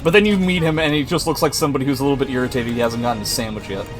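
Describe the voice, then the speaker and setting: A man hosting a live stream and commentating fighting game matches, excitable and joking as he reacts to the play. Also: mid-range voice, rapid-fire, faint music behind. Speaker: esports commentator and stream host.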